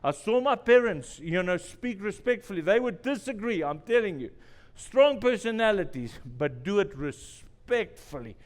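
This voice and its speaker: A man's voice: sits high, big pitch swings, moderate pace, long reverb tail. A male pastor preaching a sermon in a church, telling stories with self-deprecating humor and repeating phrases for emphasis. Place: church sanctuary.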